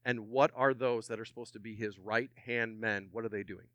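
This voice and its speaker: A middle-aged pastor preaches with animated energy, calling on his congregation to answer back. His voice is bright and crisp, recorded close and dry. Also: fairly low pitch, normal speed, no room sound, muffled recording. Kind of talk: sermon.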